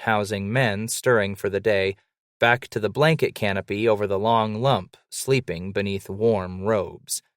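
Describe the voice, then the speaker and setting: A man reading an audiobook aloud in a slow, measured storytelling manner. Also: fairly low pitch, a bit bright, dry recording, clean studio sound. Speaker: audiobook narrator. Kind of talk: scripted narration.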